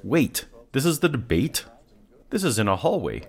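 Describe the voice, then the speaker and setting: A man's voice: mid-range voice, very animated, moderate pace. A man hosting a podcast, giving dry, mocking commentary over video clips. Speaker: podcast host.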